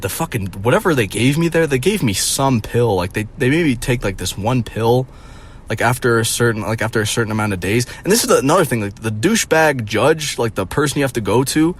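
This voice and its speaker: A man's voice: lowish voice, a little hiss or hum. A young man ranting casually to camera, rambling with lots of fillers and swearing. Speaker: vlogger.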